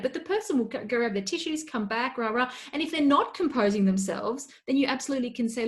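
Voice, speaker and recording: A woman's voice: a little high, fast talker, hardly any pauses. A woman coach and consultant explaining practical steps as a guest on a remote video call, full of "you know" fillers. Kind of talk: remote webinar advice talk.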